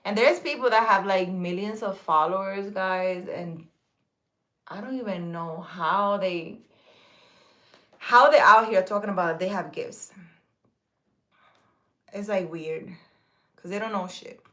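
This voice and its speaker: A woman's voice: mid-range voice, slow, long pauses, sharp tone. A woman, a spiritual healer, chatting casually to her viewers in a rambling way, full of fillers and restarts, answering their comments. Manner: reads viewer comments aloud and answers them.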